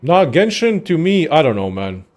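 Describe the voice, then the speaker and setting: A young man casually ranting about games in a profane, excitable, rambling way as a content creator. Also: fairly high pitch, moderate pace. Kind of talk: casual gaming rant.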